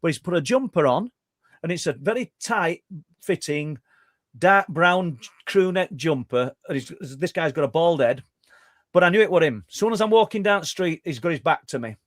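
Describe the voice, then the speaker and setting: At a moderate pace, this animated, talkative middle-aged man from Yorkshire, England, tells a story in conversation as a guest researcher, often tripping over words and starting over in his Yorkshire accent. His fairly high voice sounds dry and close, with almost no room and no echo.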